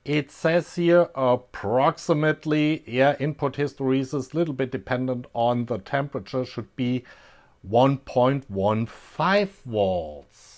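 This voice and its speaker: A man with a German accent explaining an electronics experiment in a relaxed, thinking-aloud way, with many pauses and fillers. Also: medium pitch. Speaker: electronics hobbyist host. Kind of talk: casual technical explanation.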